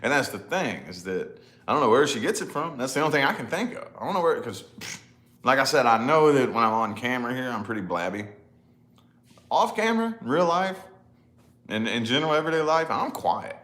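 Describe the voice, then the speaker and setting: A man's voice: medium pitch, big pitch swings, a little fast, a bit bright. A man in his thirties chatting casually to camera, rambling and laughing at himself, with lots of "you know?". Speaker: vlogger, father.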